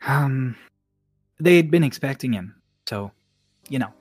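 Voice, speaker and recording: A man's voice: medium pitch, animated, unhurried, no room sound, pitched above the performer's own voice. A man voicing a laid-back, blunt woman sailor with a Cockney accent and clipped, offhand phrasing.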